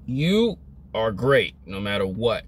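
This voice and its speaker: A man's voice: on the low side, big pitch swings, slow pace. A young man vlogging a motivational rant, emphatic, repetitive and scolding.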